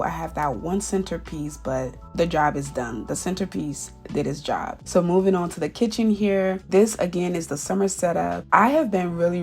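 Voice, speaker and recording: A woman's voice: low-pitched, creaky. A woman chatting casually as she narrates her home decorating, often repeating words for emphasis. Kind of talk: casual voice-over vlog. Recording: soft background music.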